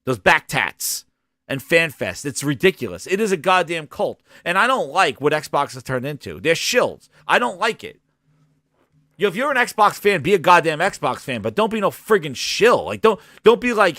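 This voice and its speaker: High, bright-voiced man ranting about games. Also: animated, normal speed, no echo, studio quality. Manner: heated, profane, mocking impressions. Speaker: gaming podcast host. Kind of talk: ranting solo commentary.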